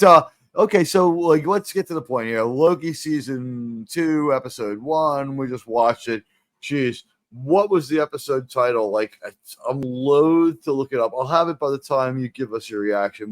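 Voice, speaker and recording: A man from the US Northeast hosts a casual review chat, talking in an animated, rambling way full of fillers. His voice sits at a middle pitch, and the recording is dry and close with no room sound. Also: dry recording. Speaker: podcast host.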